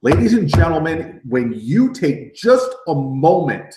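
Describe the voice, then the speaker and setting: A man's voice: on the high side, big pitch swings, unhurried, background noise. A middle-aged man running a live sales training, talking with energy, repeating himself and dropping rallying "okay?" asides. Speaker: network marketing trainer. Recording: roomy echo.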